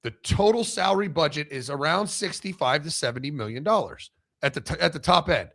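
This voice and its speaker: Gravelly, animated man on a sports podcast. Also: on the high side. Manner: blunt, profane and animated, with quick restarts. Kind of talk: casual sports talk.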